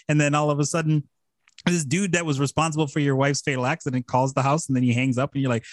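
A man co-hosting a casual podcast, retelling stories in a rambling, animated way with plenty of swearing. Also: mid-range voice, quick pace, dry recording, clean studio sound. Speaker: podcast co-host. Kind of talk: casual chat.

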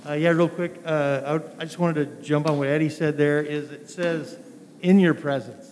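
A man in a group discussion adding an earnest, halting comment. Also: fairly high pitch, flat delivery, a little mellow, long reverb tail, a little hiss or hum. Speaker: group participant.

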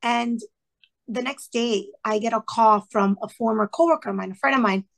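A woman talking as a podcast guest, telling stories in a lively way and acting out the dialogue, with a few Spanish phrases mixed in. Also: on the high side, normal speed, creaky. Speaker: podcast guest, retired teacher. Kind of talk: casual storytelling interview.

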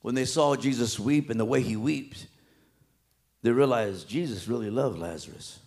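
A man preaches a passionate sermon at medium pitch and a moderate pace, swinging between loud, emphatic peaks and hushed, soft stretches. His speech is colloquial and everyday, with repetitions and restarts.

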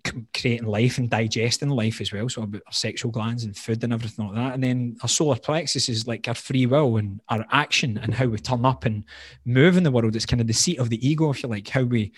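A man's voice: medium pitch, brisk, husky, no echo, clean studio sound. A man in his thirties, a health coach, telling his story in conversation, earnest and open, with frequent "like" fillers. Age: 30s.

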